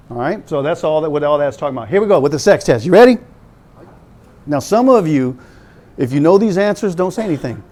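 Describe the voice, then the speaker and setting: A man in his fifties, a pastor preaching to young people in an animated, joking, conversational way. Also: fairly high pitch.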